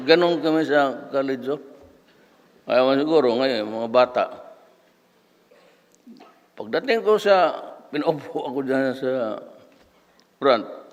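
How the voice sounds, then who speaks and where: Slow rambling filipino guy in his 70s, lively up and down voice, big echoey hall. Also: medium pitch. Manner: rambling, anecdotal, switching between languages. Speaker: commencement speaker. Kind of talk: humorous speech, storytelling. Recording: long reverb of a large hall.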